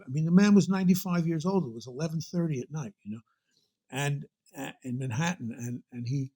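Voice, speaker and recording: A man's voice: medium pitch, lively intonation, fairly quick, mellow, breathy edge. An older man with a Brooklyn accent, a guest telling long anecdotes in an interview, full of restarts and asides. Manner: rambling anecdotal storyteller with many restarts. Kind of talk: storytelling interview.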